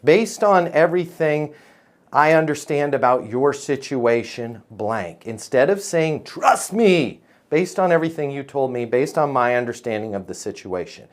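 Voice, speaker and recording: Punchy man coaching sales on a call. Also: on the high side. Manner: emphatic, punchy, keeps asking "right?" and "okay?". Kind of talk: live group coaching call. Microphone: video call.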